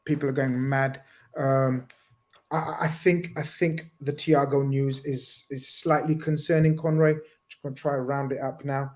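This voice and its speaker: A man co-hosting a casual live stream, reading viewer messages and bantering in a playful, animated way. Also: mid-range voice, normal speed.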